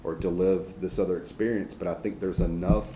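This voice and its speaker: A man's voice: deep voice, steady tone, brisk, mellow, echoey room, slight background noise, low-quality recording. A man with a Southern US accent, a labor organizer answering audience questions in a folksy, conversational way with many fillers and restarts. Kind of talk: casual public Q&A talk.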